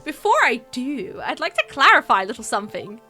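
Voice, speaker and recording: A woman's voice: on the high side, sing-song, a little fast, bright, forceful tone, soft background music. A woman voicing a pompous, posh young male drifter who talks at length with theatrical haughtiness in a game read-through. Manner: haughty, long-winded, theatrical.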